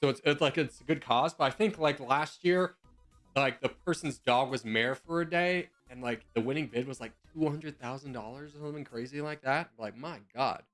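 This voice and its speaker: A man's voice: mid-range voice, normal speed, a bit bright, soft background music. A young man streaming from home, rambling and joking as he answers viewers' questions in casual chat.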